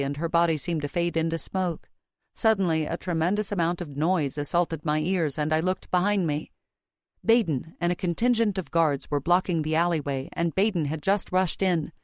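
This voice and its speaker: A woman with a lowish voice reads a fantasy audiobook in the first person, steady and measured. The recording is close and dry, with no room behind her. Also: no echo. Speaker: audiobook narrator. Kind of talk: first-person scripted narration.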